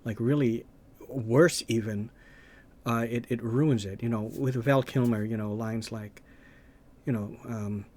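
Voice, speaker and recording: A man's voice: medium pitch, steady tone, unhurried, a little mellow. Man on a rambling, hesitant rant. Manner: rambling and hesitant, many fillers and restarts. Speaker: gaming video creator.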